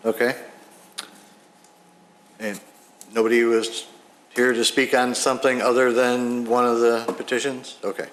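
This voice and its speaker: A man chairing a village plan commission meeting, brisk and procedural. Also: medium pitch, level tone, a bit bright, a little hiss or hum. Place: village council chamber.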